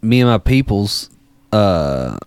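A man's voice: on the low side, big pitch swings, slow pace, darkish tone, clean tone, dry recording. A man in his thirties co-hosting a podcast, chatting casually and joking around. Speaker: podcast co-host. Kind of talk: casual chat.

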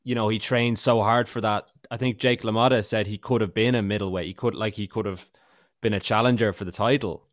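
A man's voice: on the low side, fairly even intonation, a little fast, dry recording, clean studio sound. A man hosting a podcast, asking questions in a casual, hesitant way with many fillers. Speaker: podcast host.

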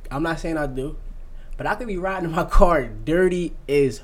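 A man's voice: fairly high pitch, moderate pace. A man in casual conversation, talking bluntly and with plenty of profanity, acting out quotes as he tells his stories. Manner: blunt, profane, animated storytelling with acted-out quotes. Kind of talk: casual chat.

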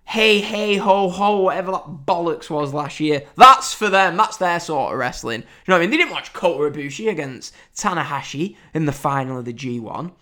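A man in his late twenties rants casually as a podcast host. His pitch swings widely as he goes from loud, sweary outbursts to low, grumbling mutters. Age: 20s. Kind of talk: casual ranting commentary.

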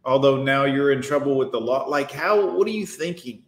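A man's voice: medium pitch, animated, moderate pace, reverberant. A man commenting on a clip in a blunt, dismissive, lecturing way. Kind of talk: reaction commentary.

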